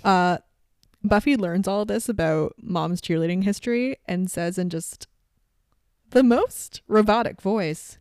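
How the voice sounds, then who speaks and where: A woman's voice: medium pitch, measured pace, a little mellow, smooth, dry recording, studio quality. A woman hosting a podcast, chatting casually about a TV episode and laughing often. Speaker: podcast host. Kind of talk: casual chat recapping a TV episode.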